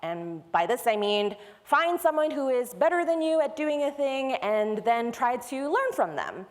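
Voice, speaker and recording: A conference speaker addresses a large hall in a technical talk, explaining things step by step in a conversational tone. Her voice sits high, sing-song and unhurried. Long hall reverb trails through the recording.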